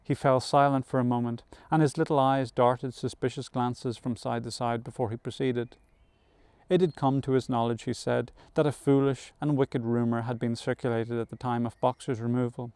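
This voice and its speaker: Man reading a novel aloud, smooth voice. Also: medium pitch, level tone, a little mellow, dry recording. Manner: measured storytelling with occasional self-corrections. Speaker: audiobook reader. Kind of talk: scripted narration of a novel.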